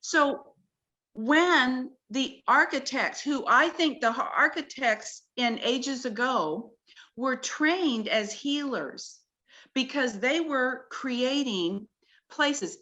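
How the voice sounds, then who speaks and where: A woman's voice: sits high, lively intonation, slow pace, bright, forceful tone, highs cut off. A woman, a talk-show guest, earnestly walking through slides of her research in a video-call conversation and explaining each with wonder.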